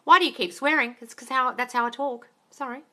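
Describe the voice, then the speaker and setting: Blunt, bright-voiced Australian woman. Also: sits high, fairly even intonation, a little fast. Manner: blunt, swears freely, calls viewers darling. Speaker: manifestation coach. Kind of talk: live-stream Q&A chat. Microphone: phone or tablet.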